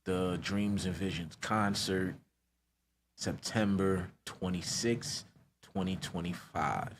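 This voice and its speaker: Guest rapper, man, soft and mellow, runs through his thank-yous. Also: takes it slowly, slight background noise. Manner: quiet, low-key, listing shout-outs. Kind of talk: casual interview chat.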